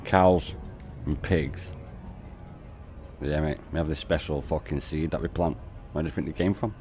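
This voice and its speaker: Male streamer, deep, matey and relaxed, swears casually. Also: normal speed, soft background music. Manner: laid-back, sweary and matey, saying "mate" often. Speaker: game streamer. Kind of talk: casual live-stream chat.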